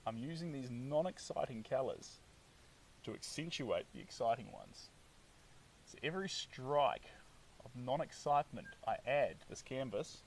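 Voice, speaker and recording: Kiwi guy painting on a live stream, chatty and upbeat, mid pitch, sounds a bit away from the mic with faint hiss. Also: gravelly, recorded from a distance, rough recording. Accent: New Zealand. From New Zealand. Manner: upbeat, chatty, reads out viewer comments. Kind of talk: casual live-stream chat while painting.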